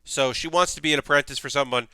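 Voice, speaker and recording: A man's voice: fairly high pitch, quick pace, pushed and bright, clear, resonant tone, dry recording. A man hosting a stream, recapping an anime plot in a rambling, casual way with lots of fillers. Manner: rambling, filler-heavy retelling. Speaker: stream host.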